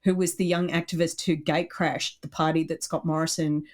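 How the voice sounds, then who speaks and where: Animated middle-aged Australian woman. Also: low voice, a little fast. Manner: animated, opinionated. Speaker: podcast co-host. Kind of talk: casual political chat.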